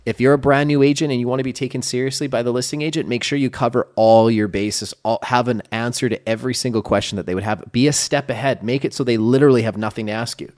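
A man's voice: mid-range voice, fairly even intonation, quick pace, few pauses, darkish tone. A man co-hosting a podcast, giving casual coaching talk with emphasis and acting out sample lines of dialogue. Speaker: podcast co-host, real estate coach.

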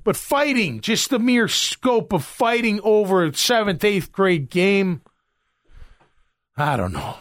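A middle-aged man hosting a sports talk show, ranting in an animated, exasperated way. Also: high-pitched, slow pace. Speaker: sports radio host.

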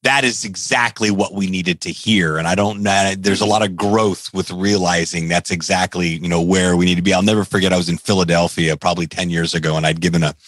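A man hosting a podcast, chatting and telling stories in a lively way with many fillers. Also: low voice, a little fast, hardly any pauses, dry recording. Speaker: podcast host. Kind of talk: casual interview chat.

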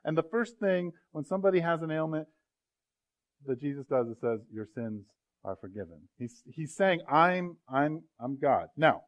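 A male pastor preaches a sermon in a church sanctuary, keeping it loose and conversational with plenty of jokes and asides to the room. His voice sits on the high side at a normal speed, and the recording is lo-fi.

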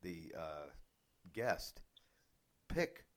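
Deep-voiced rambling male co-host. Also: big pitch swings, extremely slow, a bit bright. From Atlanta. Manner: rambling, self-deprecating anecdotes. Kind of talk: casual interview chat.

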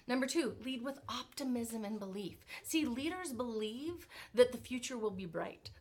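Woman, motivational speaker, energetic, fond of rhetorical questions, slightly high voice. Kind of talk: motivational leadership talk. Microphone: virtual event talk.

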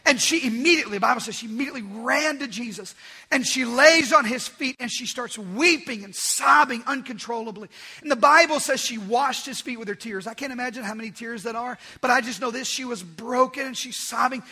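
A male pastor preaching a sermon, emphatic and repeating key phrases, swinging from loud declarations to hushed asides. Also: extremely high pitch, brisk, breathy edge.

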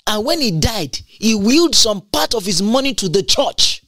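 A preacher in full sermon mode, hammering each point by repeating it, jumping from low to high. The pitch sits in a middle range. The sound is dry and close, with no room echo. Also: sing-song, normal speed, sharp tone. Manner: emphatic and repetitive, with large swings in pitch.

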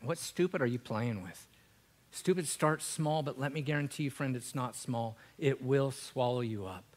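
A male pastor preaching a sermon in church, swinging from loud, emphatic passages to a hushed, prayerful voice. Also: mid-range voice.

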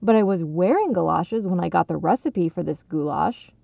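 A kindly father spins a grand tale in a gentle, theatrical manner, read by a woman. Her voice is low and gravelly, slow and unhurried. It sounds tinny and narrow like a phone, with a dry, close feel. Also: lively intonation, dry recording. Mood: storytelling.

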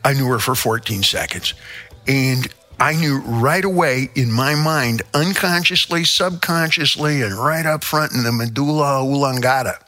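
A man's voice: medium pitch, unhurried, sharp tone. An older man from the American Midwest hosting a show, telling a rambling, theatrical comic rant. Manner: theatrical, rambling storyteller with sudden asides. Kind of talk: comedic rant monologue.

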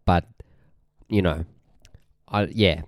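A man's voice: low voice, slow pace, no echo, studio quality. A young Australian man hosting a podcast, ranting casually in a rambling, irritated, sweary way and often trailing off mid-sentence. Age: young adult. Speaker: podcast host.

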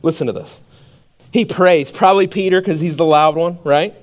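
A young man delivers a sermon in a high, bright-pitched voice. He tells stories with growing animation, pushing up into near-shouts and dropping low again to explain scripture. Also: moderate pace. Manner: animated storytelling, building to shouts. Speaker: pastor.

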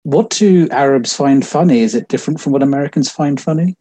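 A man's voice: mid-range voice, a little fast, warm tone, breathy edge. A man interviewing a guest, asking long, rambling, thoughtful questions. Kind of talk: casual interview chat.

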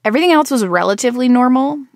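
A woman's voice: high voice, animated, rapid-fire, no room sound, studio quality. A woman in her thirties in casual conversation, rambling and restarting her sentences, with a groggy morning voice. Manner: chatty, rambling with frequent restarts and self-corrections.

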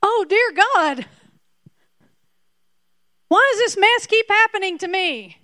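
A woman's voice: very high-pitched, expressive, slow pace, pushed and bright, no room sound, clean studio sound, voice pushed up, exaggerated voice. A woman voicing an exasperated apostle who keeps complaining and pleading with God. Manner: pleading, exclaiming.

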